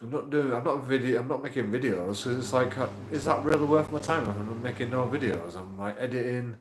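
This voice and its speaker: A man's voice: mid-range voice, fairly quick, noisy background. A man talks in a rambling, emotional monologue for his channel, swearing and repeating himself. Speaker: YouTube auditor vlogger. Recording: roomy echo.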